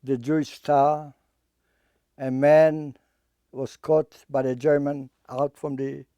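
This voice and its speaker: Older man giving halting testimony. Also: medium pitch, flat delivery, mellow, clear, resonant tone, no echo. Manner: halting, repeats words, plain non-native English. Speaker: Holocaust survivor and artist. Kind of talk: personal testimony.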